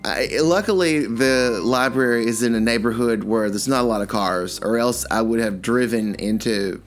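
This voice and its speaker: An older man co-hosting a podcast, telling stories in a rambling, animated way with many restarts. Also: mid-range voice, moderate pace, faint music behind. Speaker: podcast co-host. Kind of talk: casual chat.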